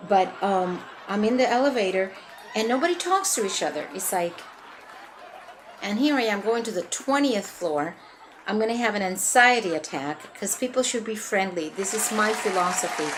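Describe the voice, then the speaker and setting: A woman's voice: mid-range voice, moderate pace, a crowd in the background, background noise. A woman improvising a comedic monologue, talking in a hyper, chatty way and laughing through her story.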